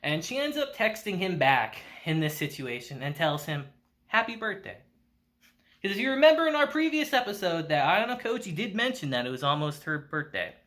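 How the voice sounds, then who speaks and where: A male anime reviewer rattles through an episode recap in a chatty, animated way. His voice is bright and edgy, and his pitch swings all over the place. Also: brisk, few pauses. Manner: animated, chatty, laughs often.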